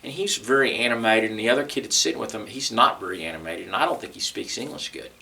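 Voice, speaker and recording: A lower-pitched man with a Texan accent tells his story in an oral history interview. His voice is bright and forceful and sits a little back from the mic. He talks conversationally, restarting phrases and acting out the dialogue he recalls. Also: fast, gravelly, recorded from a distance.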